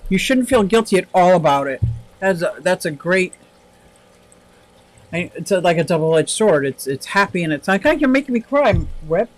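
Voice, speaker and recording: A man's voice: high voice, normal speed, pauses often, poor audio. A man hosting a casual livestream, chatting in a rambling, upbeat way and answering viewer comments aloud. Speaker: livestream host.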